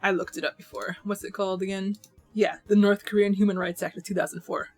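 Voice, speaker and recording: A young woman giving a casual, animated book review to camera, ranting with many "like" fillers. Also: mid-range voice, fast talker, vocal fry.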